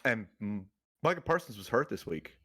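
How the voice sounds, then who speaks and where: Brief: male podcast co-host, dry close mic, casual sports chat, teasing but measured. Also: on the low side, big pitch swings, a bit bright, no room sound. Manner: teasing, measured advice to listeners.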